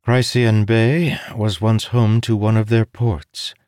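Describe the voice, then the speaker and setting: A man voicing a female scholar who briefs a war council in a measured, explaining way. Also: lowish voice, flat delivery, a little mellow, no room sound, clean studio sound, pitched above the performer's own voice.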